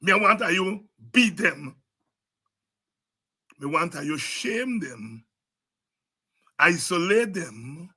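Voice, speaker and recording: A husky-voiced man with a Guyanese Creole accent hosts a political show and preaches his points with fire and repetition. His voice sits high and sounds piercingly bright and tense. He drifts in and out of Creole as he talks. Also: lively intonation, slow, long pauses. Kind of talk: impassioned political commentary.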